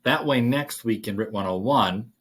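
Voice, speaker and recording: Casual low-voiced male writing instructor. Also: moderate pace, fairly bright tone, breathy edge. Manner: casual, thinking aloud with fillers. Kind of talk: screen-share worksheet walkthrough.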